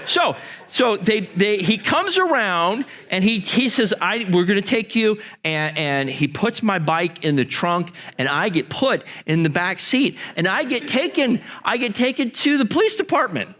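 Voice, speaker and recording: Male pastor, lively storyteller, high-ish voice, swings widely in pitch. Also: normal speed, few pauses. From Michigan. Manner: animated storyteller, jumps high when acting out his boyhood self. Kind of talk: storytelling to a congregation.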